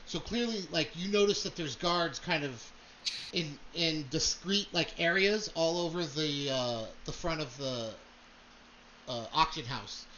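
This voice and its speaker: A man's voice: on the high side, unhurried, bright, forceful tone, muffled recording, slight background noise. A young man narrating as game master, rambling with many fillers.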